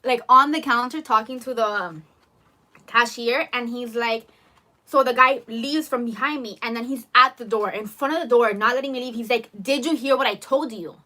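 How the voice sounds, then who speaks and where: A young woman vlogger telling a story over lunch in a casual, animated way, full of "like" fillers and acted-out quotes. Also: fairly high pitch, normal speed.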